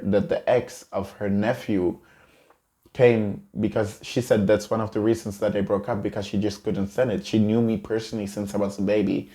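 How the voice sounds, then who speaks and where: A man's voice: on the low side, dark tone. A man earnestly and emotionally telling a personal story to camera in a vlog. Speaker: vlogger.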